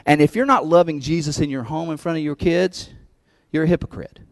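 A man's voice: on the high side, a little fast, no room sound. A man preaching as pastor of his church, talking conversationally and laughing between points, building to emphatic peaks. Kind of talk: sermon.

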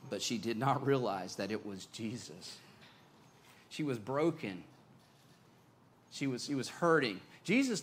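A man preaching a sermon as pastor, conversational and animated, often repeating words as he goes. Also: medium pitch.

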